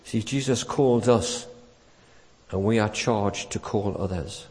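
Preacher in an echoing church. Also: male voice, fairly low pitch, slow. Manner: animated storytelling, acts out quotes, chuckles warmly. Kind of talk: sermon. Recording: church hall with long reverb.

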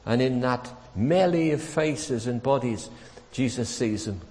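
A man delivers a sermon in a church, his voice sitting at an ordinary middle pitch. He tells the story with animated emphasis and acts out the quotes. A long reverb from the hall trails after his words. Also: measured pace. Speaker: preacher.

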